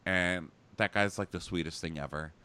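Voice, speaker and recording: A man's voice: deep voice, moderate pace, bright, forceful tone. A man co-hosting a podcast, recapping a show in casual, sarcastic chat and mocking the people he quotes. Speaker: podcast co-host.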